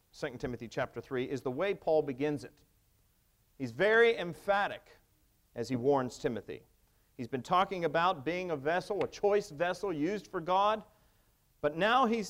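A man's voice: high-pitched, a bit bright. A male pastor preaching a sermon, emphatic and wry, asking the congregation rhetorical questions. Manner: wry humor.

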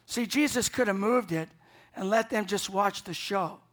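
A man's voice: high voice, moderate pace, fairly bright tone. Earnest preacher man mid-sermon. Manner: earnest, emphatic, repeats himself when building a point. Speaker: pastor. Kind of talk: Easter morning sermon.

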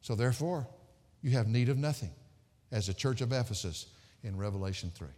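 A middle-aged male pastor preaching a sermon, emphatic and swinging from loud sarcastic peaks down to quiet low endings. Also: animated, a little fast. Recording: hall reverb.

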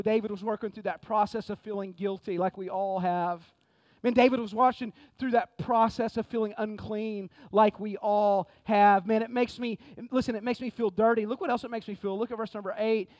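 A man preaching a sermon in a conversational, energetic way, often saying "man". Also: sits high, moderate pace, dry recording. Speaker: pastor. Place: church sanctuary.

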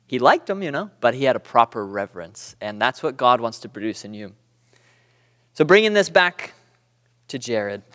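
A man from Southern California teaching a church Bible class, conversational and animated, with storytelling asides. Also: mid-range voice, in a large hall.

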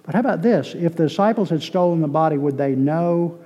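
A man from Boston delivers a teaching sermon in a casual, conversational way, often repeating himself and tossing questions to his audience. His voice sits a bit high but has a dark, mellow tone. It rings with a long reverb, as if heard in a large church hall. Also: fairly quick, highs cut off.

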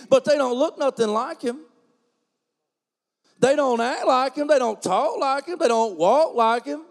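A man with a high, bright voice delivers a sermon with a folksy, joking manner. He drops low and quiet for confiding asides, then builds to loud, emphatic preaching. His voice carries a long reverb from the church hall. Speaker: pastor.

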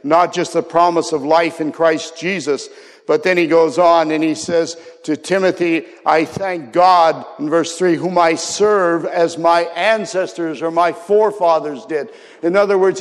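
High-voiced preacher in a reverberant hall. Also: male voice. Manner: earnest preaching, dropping to soft low tones and bursting into shouts. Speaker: pastor. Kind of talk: sermon.

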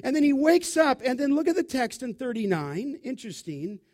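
A man preaching a sermon in an animated, emphatic, conversational way, full of rhetorical questions. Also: very high voice, normal speed.

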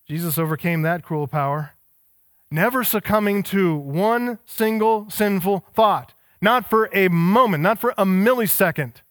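A man with a fairly high voice delivers a sermon as pastor, driving his points home with emphatic, stacked phrases. The sound is close and dry, with little room echo. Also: a bit bright. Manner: emphatic, building intensity with repeated phrases. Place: church.

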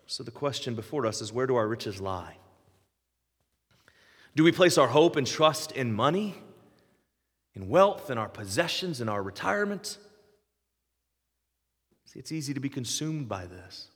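A man's voice: mid-range voice, sing-song, measured pace, long pauses, husky, long reverb tail. A man in his forties preaching a sermon, earnest and emphatic, building up with repeated phrases. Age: 40s. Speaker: pastor.

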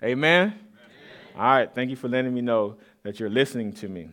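Conversational pastor from east Austin. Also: male voice, medium pitch, expressive, fairly quick, fairly bright tone. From east Austin, Texas. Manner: conversational, storytelling, with asides and laughs. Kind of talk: sermon. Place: church sanctuary.

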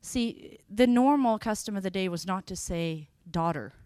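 A woman preaching a sermon, telling Bible scenes with lively voices and slowing down on key phrases. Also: medium pitch, no echo, clean studio sound. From Sweden. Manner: expressive, acts out scenes with sudden loud bursts.

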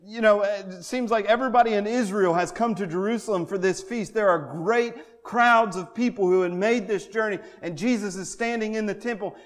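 A male pastor preaching a sermon, moving between soft pleading and loud, fervent calls to come forward. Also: high voice, normal speed, few pauses, long reverb tail. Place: church sanctuary.

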